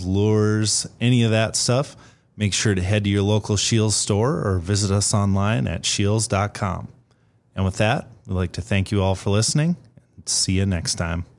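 A man hosting an outdoors interview show. He asks questions and closes the segment in an easygoing, conversational way. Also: on the low side. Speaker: show host.

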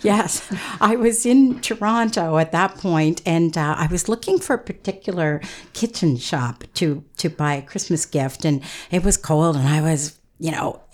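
A woman's voice: low voice, a little slow, few pauses. A woman guest on a radio talk show, telling funny stories in a chatty way and laughing often. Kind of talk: storytelling radio interview.

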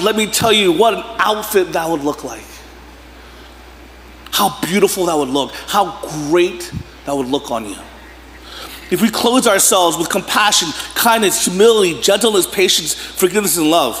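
High-voiced pastor guy in his 30s, jokey sermon, roomy church echo, faint hum behind. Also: fairly bright tone. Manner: casual, joking storytelling with bursts of laughter. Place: church sanctuary. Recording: echoey church hall with faint room noise.

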